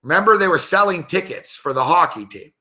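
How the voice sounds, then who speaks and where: A man's voice: on the high side, sing-song, brisk, bright, forceful tone. A man on a sports betting show telling a heated story in casual, profanity-heavy talk.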